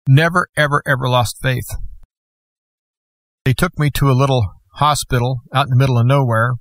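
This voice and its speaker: A man's voice: medium pitch, no room sound. A middle-aged man, a guest host, telling a personal testimony in a plainspoken, conversational way with folksy asides.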